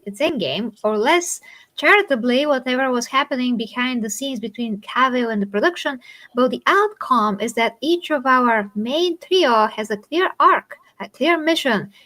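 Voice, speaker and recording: High-voiced woman hosting a giggly chat. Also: fairly bright tone. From Eastern Europe. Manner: giggly, jokey, leads the discussion. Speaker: show host. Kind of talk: casual panel chat on a livestream.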